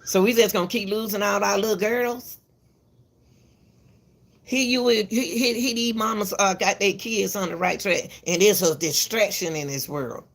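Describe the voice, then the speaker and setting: Speaking at a normal speed in a mid-range voice, a woman hosts a commentary channel, talking casually to the camera. She repeats herself emphatically, lectures parents, calls viewers "baby," and keeps stumbling and starting her words over.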